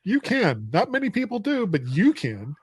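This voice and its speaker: A man's voice: high-pitched, huge pitch swings, normal speed, breathy edge, no echo. Podcast host, middle-aged man, jokey and giggly, trips over words, dry booth sound. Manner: joking, laughs often, stumbling restarts. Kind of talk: casual chat.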